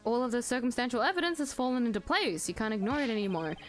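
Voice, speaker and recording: A woman voicing a young male defense attorney with earnest, declarative lines, over soft background music. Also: on the high side, lively intonation, fast, natural voice. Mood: firm.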